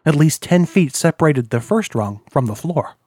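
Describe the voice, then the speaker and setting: Guy reading an audiobook, kinda high voice, super dry close sound. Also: lively intonation, a little mellow, husky, dry recording. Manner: measured, descriptive. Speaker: audiobook narrator. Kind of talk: scripted narration.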